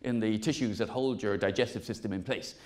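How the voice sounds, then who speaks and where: A man's voice: lowish voice, fairly quick, darkish tone. A man in his forties doing a stand-up routine, telling a wry, self-mocking story with sweary punchlines. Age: 40s. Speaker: stand-up comedian.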